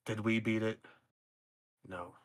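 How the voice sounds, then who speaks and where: A man's voice: lowish voice, fairly even intonation, takes it slowly. A man voicing a dry, resigned male orc gambler in a tabletop game, with a drawling, offhand delivery. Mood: wry.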